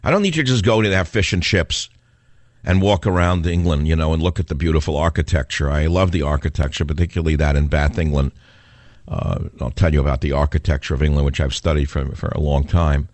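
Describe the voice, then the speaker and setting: A man's voice: a bass voice, fairly quick, a little mellow, dry recording. A man with a New York accent hosting a talk radio show, delivering a combative, sarcastic monologue full of rhetorical questions.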